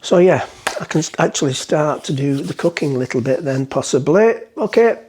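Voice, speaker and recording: A man chats his way through a cooking vlog in his home kitchen. His voice sits a little high, and he rambles, cracks jokes and mutters to himself as he preps the food. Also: animated, fairly quick, darkish tone, breathy edge. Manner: rambling, jokey, talks to himself while cooking. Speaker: cooking vlogger. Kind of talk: casual cooking vlog chat.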